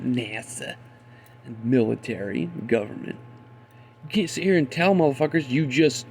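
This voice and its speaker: Gravelly-voiced man ranting profanely. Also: mid-range voice, lively intonation, unhurried, darkish tone, a little hiss or hum. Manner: profane, indignant, loses his train of thought. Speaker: conspiracy commentator. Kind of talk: rambling monologue.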